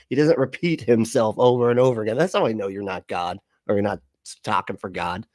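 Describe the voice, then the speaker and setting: A man's voice: fairly low pitch, fast, few pauses, darkish tone, dry recording, clean studio sound. A man commentating on a livestream, mocking and profane, laughing often through his sarcastic remarks.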